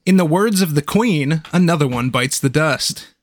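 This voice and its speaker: A man's voice: a little high, animated, normal speed, heavy background noise. A man hosting a casual podcast quiz with friends, laughing often as he reads quotes. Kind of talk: casual chat among friends.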